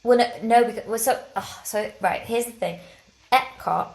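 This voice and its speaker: A woman's voice: a little high, normal speed, creaky, echoey room, poor audio. A woman co-hosting a podcast in casual chat, rambling and correcting herself with frequent giggles. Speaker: podcast co-host.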